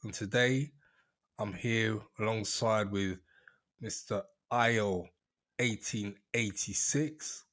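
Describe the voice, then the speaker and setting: A man's voice: lowish voice, slow pace, fairly bright tone. A man hosting a casual podcast in an easygoing, thoughtful way, often chuckling. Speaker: podcast host. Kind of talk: casual chat.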